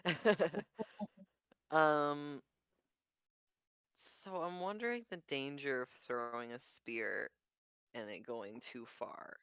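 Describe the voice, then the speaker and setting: A tabletop player with a smooth, clean voice recorded close and dry. They hedge and ask questions before committing to a move. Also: mid-range voice, slow pace, long pauses, fairly bright tone, dry recording. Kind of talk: casual play chat.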